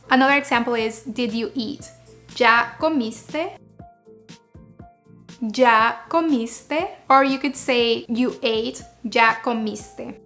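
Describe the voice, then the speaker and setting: A woman teaching a language lesson, saying each example slowly and carefully and repeating it. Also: on the high side, fairly bright tone. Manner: slow, careful repetition of each example phrase. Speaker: Spanish teacher.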